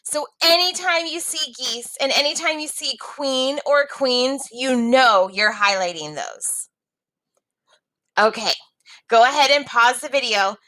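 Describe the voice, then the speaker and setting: A woman teacher leads young students through a reading lesson in an unhurried, bright, forceful voice, reading the story aloud with pitch jumps for the geese. She's friendly and addresses her pupils as friends. The recording is rough.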